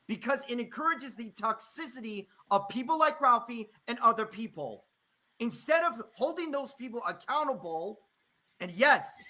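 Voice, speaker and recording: A streamer confronts a critic in a heated live-stream rant, profane, furious and repetitive. His male voice sits at an extremely high pitch and sounds pushed and bright.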